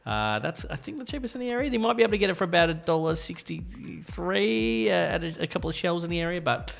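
A man's voice: high voice, lively intonation, fast talker, gravelly, fairly bright tone. A man co-hosting a radio show, chatty, laughing often and stumbling over words. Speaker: radio co-host. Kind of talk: casual radio banter.

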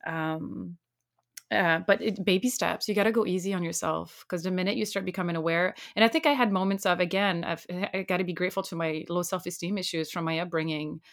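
A woman's voice: fairly low pitch, fairly even intonation, fairly quick. A woman speaking as a life coach in a casual, heartfelt podcast chat, earnest and reflective. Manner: earnest and reflective, laughs readily.

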